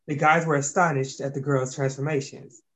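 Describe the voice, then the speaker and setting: A man's voice: medium pitch, flat delivery, moderate pace, fairly bright tone. A man reading an amateur fantasy story aloud, stumbling and correcting himself as he goes. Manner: reads with slips and self-corrections. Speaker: narrator.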